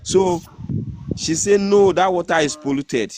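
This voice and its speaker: A man's voice: high-pitched, a little slow, darkish tone. A man with a Nigerian accent telling a story casually, hesitant and earnest, restarting his sentences often. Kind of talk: casual storytelling in pidgin-tinged English.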